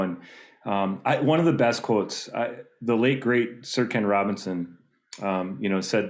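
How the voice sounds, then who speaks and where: Fired-up man in a roomy echo. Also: medium pitch. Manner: fired up, animated storytelling. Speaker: music teacher on a panel. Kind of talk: panel discussion, storytelling.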